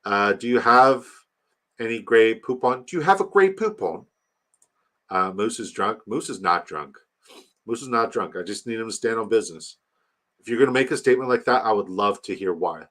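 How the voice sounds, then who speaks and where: A man hosting a casual fantasy football livestream, animated and swearing freely as he reads viewer comments aloud. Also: lowish voice, moderate pace. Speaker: livestream host reading chat.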